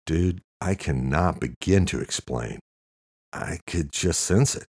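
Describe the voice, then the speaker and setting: A man's voice: sits low, slow pace, darkish tone, breathy edge, full character voice. A man voicing a tough, foul-mouthed male investigator who speaks urgently in an audiobook. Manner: urgent, cursing.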